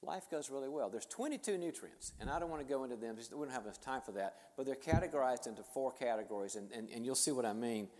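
A middle-aged man gives an animated talk on stage, mixing advice with personal stories and poking fun at himself. His voice sits in a middle register. A long hall reverb trails every phrase. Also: mid-range voice, quick pace, few pauses. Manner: conversational, self-deprecating, animated storyteller. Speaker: speaker and author addressing leaders. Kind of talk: conference talk with personal storytelling.

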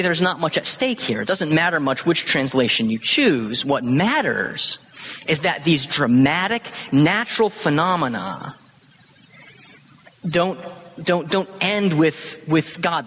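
Man preaching a sermon, animated, fairly high and husky, reverberant hall. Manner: animated teaching, acting out quoted lines. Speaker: pastor.

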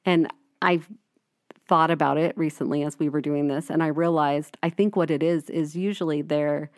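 Woman in her 40s chatting on a podcast, low voice, dry close mic, acts out the quotes in her stories. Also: moderate pace, no echo. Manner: animated storyteller, acts out quoted lines. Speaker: podcast co-host. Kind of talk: casual podcast chat.

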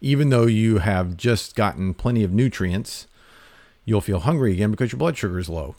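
A man hosting a talk, giving health advice in a relaxed, conversational way with fillers and restarts. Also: fairly low pitch, moderate pace, dry recording. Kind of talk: casual explanatory talk.

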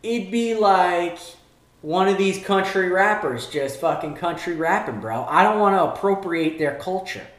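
A man guesting on a podcast who keeps joking, teasing and swearing his way through casual banter. His voice is a bit high for a man, and the recording has a roomy echo. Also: expressive, measured pace. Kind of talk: casual chat.

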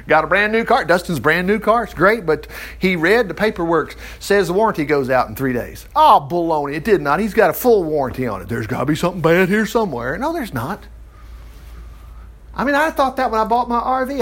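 Lively, folksy preaching man. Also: sits high, a little fast. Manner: chatty, jokes and laughs, acts out little dialogues. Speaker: pastor. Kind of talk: folksy sermon with Bible reading.

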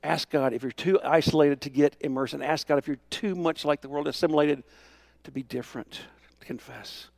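A middle-aged male pastor preaching a sermon, telling a story with quoted dialogue and moving between hushed asides and emphatic calls. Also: a little high, a little fast, creaky, no echo.

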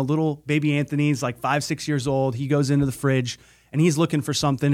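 A man hosting a podcast, telling a personal story in an earnest, emphatic motivational style and repeating phrases for effect. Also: a little high. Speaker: podcast host.

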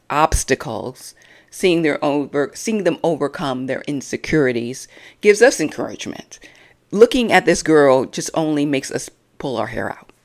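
A woman with a low voice gives a solo reality TV review. She swings her pitch widely as she delivers blunt, sassy put-downs. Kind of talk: opinionated solo commentary.

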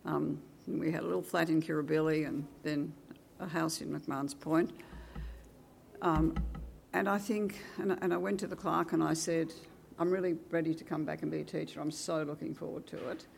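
An older woman with an Australian accent, a retired teacher, recounting her career with lively acted-out dialogue and wry asides. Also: low-pitched, normal speed, creaky, a little hiss or hum. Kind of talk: oral history reminiscence.

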